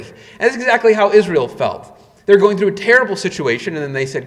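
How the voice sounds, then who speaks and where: A man's voice: lively intonation, brisk, in a large hall. A man preaching a sermon as a pastor, with emphatic rises and drops in his delivery. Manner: emphatic preaching with sudden rises in pitch and volume.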